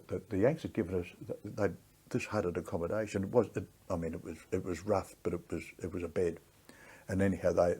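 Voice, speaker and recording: A man's voice: low voice, gravelly, warm tone, slightly rough. An older Australian man, a war veteran, telling his story in a plainspoken, gritty way in an oral history interview.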